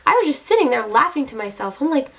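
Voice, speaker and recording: A young woman vlogging from home, her voice a touch higher than most. She tells her dating stories casually straight to camera, animated, sassy and openly exasperated. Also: quick pace.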